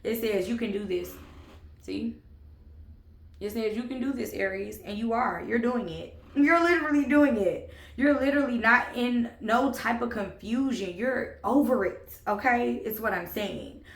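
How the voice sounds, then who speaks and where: A woman's voice: fairly high pitch, measured pace, vocal fry, roomy sound. A woman giving a sassy, sarcastic tarot reading, swearing and laughing as she talks. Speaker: tarot reader.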